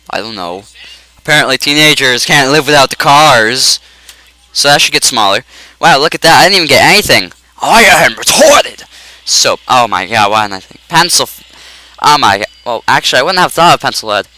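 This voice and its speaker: Goofy excitable man with a bright voice. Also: medium pitch, no room sound, poor audio. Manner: goofy, excitable, yells and jokes at the game. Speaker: let's play commentator. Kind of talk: casual gameplay commentary.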